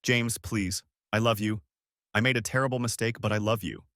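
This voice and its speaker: Man reading a pleading unfaithful wife, lowish voice, dry close sound. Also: steady tone, normal speed, fairly bright tone, dry recording, natural voice. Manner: pleading, then cold and bitter. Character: desperate unfaithful wife, prosecutor.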